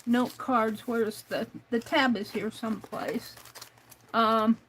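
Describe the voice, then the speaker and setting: A woman's voice: on the high side, fairly even intonation, takes it slowly, a bit bright, slight background noise, low-quality recording. A woman hosting a crafting livestream in casual chat, thinking aloud and reading out chat messages as she works.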